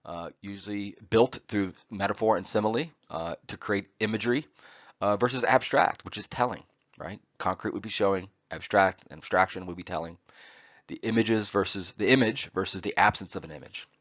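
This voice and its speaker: Male lecturer, lowish voice, teaching poetry terms over slides; filler-heavy, asks "right?" often, dead-dry sound. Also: fairly quick, fairly bright tone, dry recording, highs cut off. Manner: frequent "uh" fillers and "right?" check-ins.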